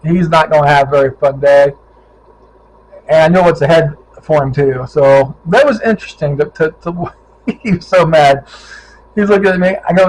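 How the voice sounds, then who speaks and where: In this laid-back vlog, a middle-aged Ohio man who tours by bicycle recounts his trip, bringing the people he encountered to life by performing their lines. He speaks at a fairly high pitch and a moderate pace over slight background noise, in a low-quality recording.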